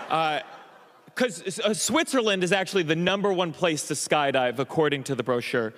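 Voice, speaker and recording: Excitable man doing stand-up on a stage. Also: on the high side, brisk, big-room sound, slight background noise. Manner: excitable, self-mocking, stammered restarts. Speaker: stand-up comedian. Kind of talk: stand-up storytelling. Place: comedy stage.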